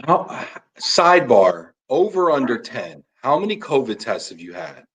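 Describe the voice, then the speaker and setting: A man hosting a casual live show, teasing his guest with quick jokes and an animated delivery. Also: medium pitch, husky. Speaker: podcast host. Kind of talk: casual chat. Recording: tinny phone-like call audio.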